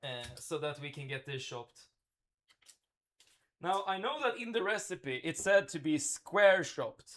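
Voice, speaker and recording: A man's voice: fairly high pitch, expressive, unhurried, a bit bright. Chatty man cooking on a livestream. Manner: chatty, thinks aloud, answers chat. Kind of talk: casual live commentary while cooking. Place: home kitchen.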